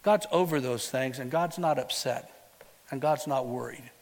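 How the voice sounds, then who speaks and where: A man preaching a sermon, retelling a story with lively rhetorical questions and a casual, conversational way of talking. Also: mid-range voice, normal speed, in a large hall.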